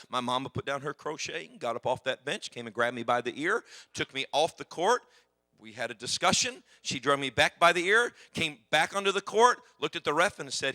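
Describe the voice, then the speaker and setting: A man preaching a sermon in a church, telling stories in an animated, emphatic, humorous way. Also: a little high, brisk, no echo. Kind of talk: sermon with personal storytelling.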